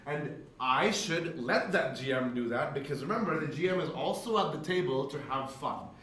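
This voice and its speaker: A man's voice: fairly high pitch, expressive, moderate pace, fairly bright tone. Man talking in an echoey hall. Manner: chatty, frequent "right?" and acted-out quotes. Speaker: presenter. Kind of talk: conference talk to game masters. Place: event space. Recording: echoey hall, voice from far off, faint room noise.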